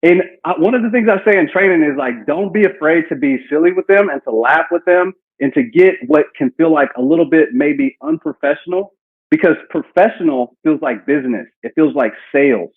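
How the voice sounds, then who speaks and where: A man's voice: fairly high pitch, animated, brisk, slightly rough. A man running a live sales training session, coaching a team on cold-call lines and acting out example phone talk. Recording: tinny phone-like call audio.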